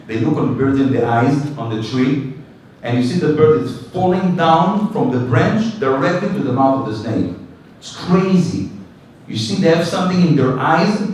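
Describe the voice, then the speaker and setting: Rabbi, animated storyteller, mid-pitched voice, heard from far off in a reverberant room with faint background hiss. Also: male voice. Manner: animated storyteller, acts out dialogue, non-native English phrasing. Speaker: rabbi giving a weekly class. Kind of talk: storytelling Torah class. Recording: echoey room recorded from a distance.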